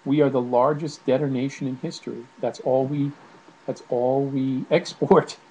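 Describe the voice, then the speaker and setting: A man's voice: medium pitch, flat delivery, moderate pace, dark tone, a little hiss or hum, rough recording. A man giving casual spoken commentary to camera at home, irritated and ranting, with many fillers and restarts. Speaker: video blogger.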